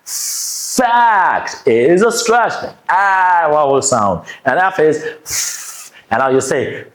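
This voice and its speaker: A man teaching English pronunciation, modeling words slowly and exaggerating the sounds for learners to repeat. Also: on the high side, expressive, a bit bright. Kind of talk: pronunciation lesson with drills. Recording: echoey room.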